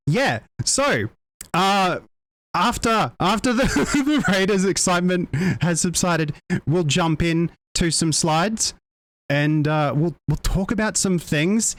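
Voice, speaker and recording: Excitable Australian man streaming live. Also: high-pitched, takes it slowly, dry recording. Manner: excitable, giggly, stammering restarts, mild faux swearing. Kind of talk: casual live-stream chat.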